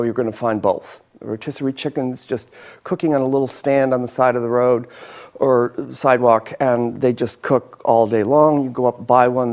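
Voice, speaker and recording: A man hosts a homey local cooking show. He talks in a chatty, enthusiastic way while demonstrating a dish, and keeps talking even while chewing. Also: mid-range voice. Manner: chatty, enthusiastic, eats and talks with mouth full.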